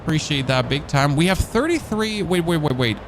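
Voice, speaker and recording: A man's voice: fairly high pitch, expressive, brisk, noisy background. A man from Germany with a German accent, commentating casually on a game he is streaming, thinking aloud and talking to his chat.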